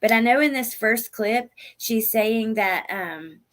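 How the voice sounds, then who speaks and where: A woman's voice: a little high, takes it slowly. A woman hosting a casual livestream, chatting with viewers by name and repeating lines from a clip. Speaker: livestream host.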